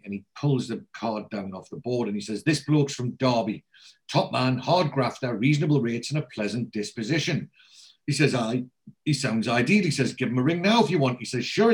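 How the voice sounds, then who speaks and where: Male host, mid-pitched voice, casual recap, quotes characters' lines, lots of ums and restarts. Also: expressive, a little fast. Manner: retells scenes by quoting characters' lines, with frequent ums and restarts.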